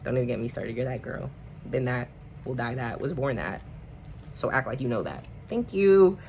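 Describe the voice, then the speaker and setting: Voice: mid-range voice, brisk, a little hiss or hum. A tarot reader speaking straight to the viewer, emphatic and repeating affirmations. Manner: addresses viewers warmly and directly. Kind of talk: direct-to-camera tarot reading.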